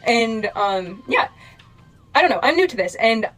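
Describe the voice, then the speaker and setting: A woman's voice: fairly high pitch, sing-song, unhurried, a bit bright, soft background music. A young woman creator giving a rambling, earnest monologue to her followers, full of fillers. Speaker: social media creator.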